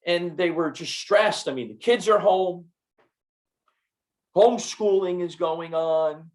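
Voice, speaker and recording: Male host, middle-aged, animated and chatty, slightly high pitch. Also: slow pace. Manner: animated storyteller, repeats words. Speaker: podcast host and doctor. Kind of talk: casual interview chat.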